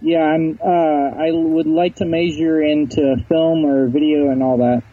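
A man's voice: a little high, fairly even intonation, unhurried, no room sound. A teenage boy from Arizona calling a radio show, giving short, shy answers. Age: teens. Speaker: caller. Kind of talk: phone call to a radio show. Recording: muffled phone line.

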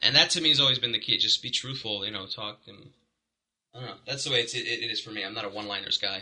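A man's voice: on the low side, fast talker, bright, forceful tone, poor audio. A man, a guest comedian, candidly explaining how he deals with hecklers in a casual chat. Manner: candid, reflective, sometimes swearing.

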